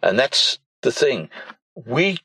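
Gravelly, husky man teaching scripture. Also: mid-range voice, very animated, slow, bright, forceful tone, no echo, rough recording. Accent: British or Commonwealth spelling (realised, armour). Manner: reads scripture aloud and explains it, with fillers and restarts. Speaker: preacher. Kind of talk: bible teaching podcast.

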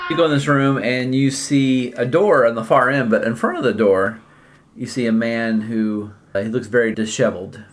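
Low-pitched woman running a silly tabletop game for kids, playful. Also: steady tone, normal speed. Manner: playful, storyteller pacing. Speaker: game master. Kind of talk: narrating a family tabletop game.

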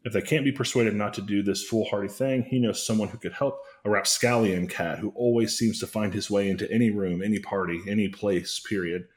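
A man's voice: on the low side, steady tone, fairly quick, few pauses. A man hosting a comedy podcast, recapping a story in a rambling, self-correcting way with dry jokes. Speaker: podcast host.

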